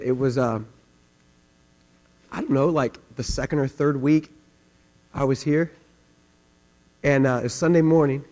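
A male pastor preaching a sermon, telling stories and swinging from quiet asides to loud, emphatic questions. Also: medium pitch. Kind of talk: sermon with storytelling. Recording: long hall reverb with mains hum.

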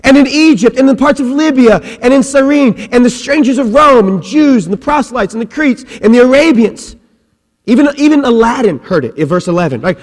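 A man preaching a sermon in a church. He is animated, cracks joking asides and often restarts his words. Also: extremely high pitch, fairly quick. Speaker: pastor. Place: church sanctuary. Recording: long hall reverb.

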